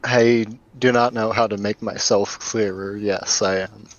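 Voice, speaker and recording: A man voicing a vampire seeking confession, speaking in flat, formal, earnest sentences. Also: fairly low pitch, unhurried, dull audio, natural voice.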